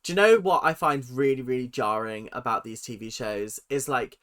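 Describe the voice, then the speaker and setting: A man's voice: mid-range voice, moderate pace, fairly bright tone. A British man chatting casually as he reacts to a show, laughing and mimicking lines he hears. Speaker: reaction video host.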